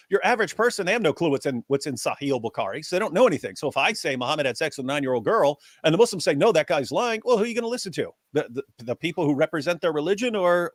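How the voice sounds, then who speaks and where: Animated man, higher voice, dry. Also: rapid-fire, no room sound. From United States. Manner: animated, rambling with restarts, rising excitement when quoting others. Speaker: co-host. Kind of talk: casual live-stream discussion.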